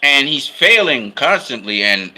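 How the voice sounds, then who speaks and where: A man's voice: mid-range voice, sing-song, slow pace, noisy background. A man talking casually about films he loves, in an enthusiastic, rambling way. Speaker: film fan commentator. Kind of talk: casual film commentary.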